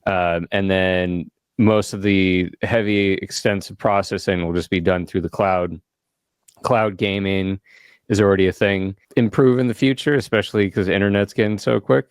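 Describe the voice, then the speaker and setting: A man's voice: sits low, fairly even intonation, moderate pace, clean tone, no echo. A man co-hosting a casual podcast from a studio, rambling and laughing often. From South Africa. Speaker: podcast co-host. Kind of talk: casual chat.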